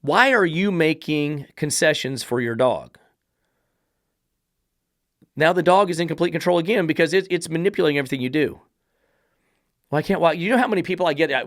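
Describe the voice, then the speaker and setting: A man's voice: on the high side, expressive, fairly quick, pauses often, fairly bright tone, no room sound, studio quality. A middle-aged man, a dog trainer hosting a podcast, giving blunt, sarcastic commentary on advice he reads out, now and then swearing. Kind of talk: commentary reacting to a read-out text.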